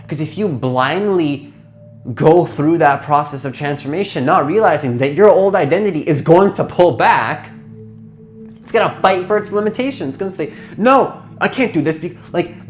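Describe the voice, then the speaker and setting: A coach talks straight to the listener in a loose, rambling motivational monologue, full of rhetorical questions and filler words. The voice sits at a medium pitch, and soft music plays underneath. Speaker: identity transformation coach. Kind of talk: motivational talk to camera.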